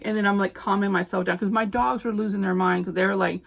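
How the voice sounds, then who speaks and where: A middle-aged woman, a homeschooling mom telling stories in a chatty, animated vlog. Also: medium pitch, brisk, gravelly. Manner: chatty, animated storyteller with frequent fillers. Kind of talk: casual chat.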